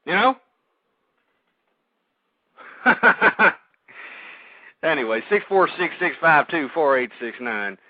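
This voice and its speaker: A man with a high voice rambles through a talk radio monologue, repeating himself and working up to heated outbursts. His voice comes through a thin, phone-like line. The sound is dry and close. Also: very animated, slow pace, long pauses, no room sound. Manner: rambling, repeats words, grows loud and heated. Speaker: radio host.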